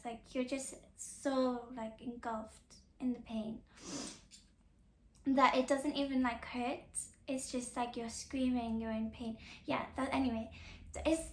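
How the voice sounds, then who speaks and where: Chatty young woman, high voice, echoey room. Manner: chatty, rambling, many "like" fillers and restarts. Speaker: podcast host. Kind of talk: casual chat.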